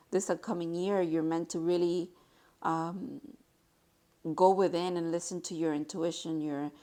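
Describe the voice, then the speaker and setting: A woman doing a casual tarot card reading for her viewers, excitable and gushing, now and then reading card text aloud more softly. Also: fairly low pitch. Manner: excitable and gushing, exclaiming often; reads card text aloud in a slower, softer voice. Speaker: tarot reader.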